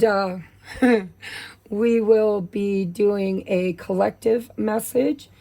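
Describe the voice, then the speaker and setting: A woman with a gravelly voice, losing her voice from allergies, doing a chatty, casual tarot reading. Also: medium pitch, warm tone. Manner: chatty, with many fillers. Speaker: tarot reader.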